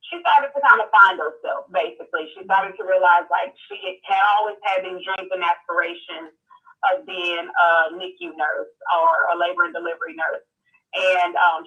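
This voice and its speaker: A woman's voice: mid-range voice, bright, forceful tone. A woman from Mississippi, a podcast guest telling her story earnestly with many ums. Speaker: podcast guest and survivor advocate. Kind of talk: live podcast interview. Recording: distant, muffled call-in audio.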